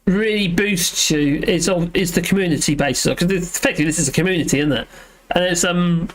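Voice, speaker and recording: Man with a fairly high voice, hosting a live chat from home; rambly, self-deprecating, lots of ums. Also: a bit bright. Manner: rambling, self-deprecating, many fillers and restarts. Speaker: livestream host reading chat.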